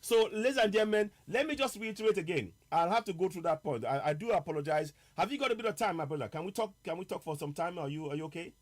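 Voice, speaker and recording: A man. He speaks with emphasis, slowing down and repeating his main points so they land. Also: high voice, lively intonation, low-quality recording. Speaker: host. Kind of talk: live political talk broadcast.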